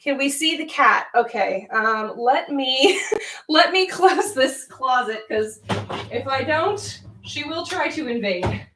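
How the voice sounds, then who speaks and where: A woman's voice: high voice, expressive, slow, fairly bright tone, recorded from a distance, slight background noise. A young woman hosting a casual livestream from a spare room at home, chatty and giggly, laughing often. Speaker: livestream host. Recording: roomy sound, voice away from the mic.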